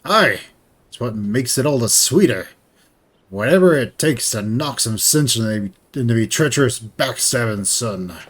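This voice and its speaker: A man's voice: mid-range voice, expressive, normal speed, a bit bright, husky. A man voicing a scornful old pirate father in a fantasy game, talking in a coarse, sneering way and swearing. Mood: bitter.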